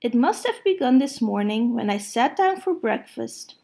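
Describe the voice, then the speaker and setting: A woman voicing a gentle, thoughtful little male bear in a storybook read-aloud. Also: a little high, big pitch swings, moderate pace, gravelly. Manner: soft and thoughtful. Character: gentle honey-loving male bear, small and kind.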